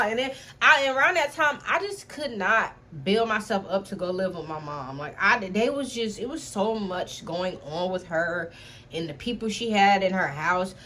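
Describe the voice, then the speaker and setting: A young woman telling a personal story to camera in a casual vlog, animated, talking straight to her viewers with a constant "y'all" and swearing freely. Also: mid-range voice, moderate pace, slight background noise. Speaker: storytime vlogger.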